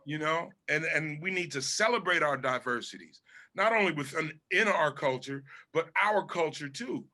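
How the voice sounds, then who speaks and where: Animated bright-voiced comedian telling stories. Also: male voice, a little high, moderate pace. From Southern California. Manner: animated storyteller, swears freely. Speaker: guest comedian. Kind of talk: casual interview chat.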